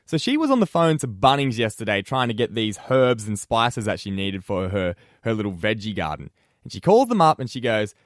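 Young Aussie male breakfast host, chatty and animated, mid-pitched, dry studio sound. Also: quick pace, no room sound. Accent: Australian. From Australia. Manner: chatty, animated, lots of fillers and restarts. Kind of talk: casual radio chat. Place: radio studio.

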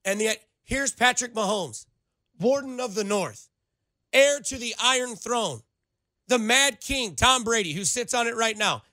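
A young man hosting a sports radio show in a studio, talking in an animated, rambling way full of playful comparisons. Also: very high voice, measured pace, dry recording. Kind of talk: casual sports radio banter.

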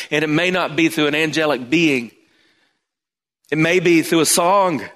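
A middle-aged man preaching a sermon as pastor, telling a personal story with animated emphasis. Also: fairly high pitch. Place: church sanctuary. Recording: long reverb of a church hall.

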